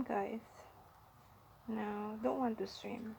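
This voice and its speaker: A woman in a casual home vlog, cooing to her pet rabbits in soft, sing-song baby talk. She speaks very slowly, and her fairly high voice has a mellow, gravelly fry. A faint hiss sits behind her. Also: highs cut off. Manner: coos and soothes in slow, soft sing-song. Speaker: pet vlogger.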